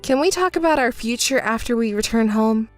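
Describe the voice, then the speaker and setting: A woman's voice: on the high side, lively intonation, fairly quick, faint music behind, lightly acted. A woman voicing a hurt, indignant young bride in a text story, scolding and sarcastic. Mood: cold.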